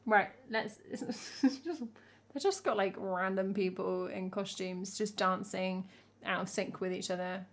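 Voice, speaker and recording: A woman's voice: medium pitch, measured pace. A young woman from England, a singer-songwriter, chatting casually and wryly on a live stream as she reacts to a music video. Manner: chatty, wry, jokey asides.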